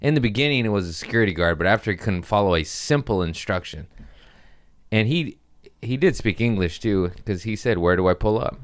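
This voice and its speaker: Young male comedian host, lowish voice, loose crude storytelling, laughs at own bits. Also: animated, fairly quick. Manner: rambling, crude, laughs at his own jokes. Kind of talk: casual comedic monologue.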